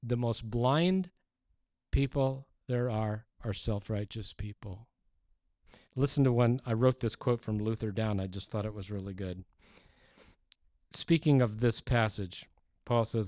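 A man's voice: lowish voice, a little slow, warm tone, no echo, muffled recording. A man preaching a sermon, teaching earnestly with emphatic rises and frequent restarts. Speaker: pastor.

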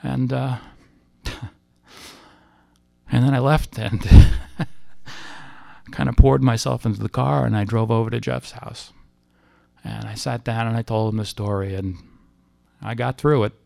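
A man recounting a personal experience as testimony, halting and emotional, with frequent restarts. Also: medium pitch, fairly even intonation, gravelly, warm tone, no room sound. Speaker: storyteller.

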